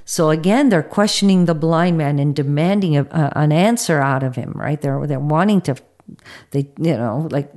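A woman's voice: low-pitched, moderate pace, a little mellow. A woman reading Bible passages aloud and explaining them in a teaching broadcast, with fillers, restarts and asides.

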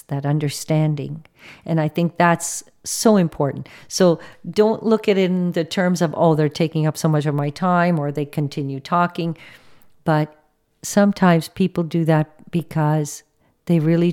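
A middle-aged woman giving a faith reflection talk to her brothers and sisters in an earnest, gently encouraging way. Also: low voice.

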